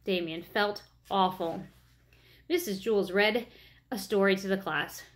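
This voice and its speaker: A woman reading a children's story aloud in a gentle, expressive way. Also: mid-range voice, unhurried.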